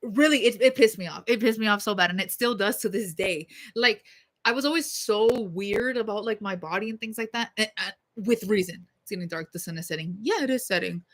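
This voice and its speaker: A woman's voice: medium pitch, fairly quick, a bit bright. A young woman telling a story casually on a livestream, heated, blunt and full of swearing and fillers.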